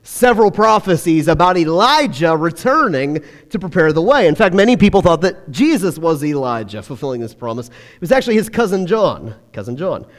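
A man's voice: on the high side, big pitch swings, fairly quick. A man preaching a sermon in a chatty, joking way, laughing often at his own asides. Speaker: pastor. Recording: long hall reverb.

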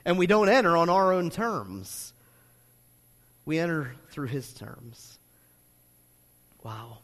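A man preaching a sermon as pastor, talking in a loose, conversational way with lots of fillers, then pushing into loud, emphatic stretches. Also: fairly high pitch, sing-song, takes it slowly. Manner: conversational preaching full of "you know" fillers, rising to loud emphatic bursts. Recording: long hall reverb.

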